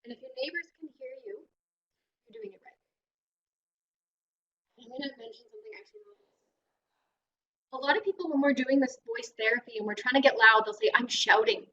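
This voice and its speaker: A woman's voice: high-pitched, a little fast, long pauses, bright, forceful tone, dull audio. A Canadian woman speech-language pathologist leading a guided voice exercise class in an encouraging way. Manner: encouraging, demonstrates vocal drills.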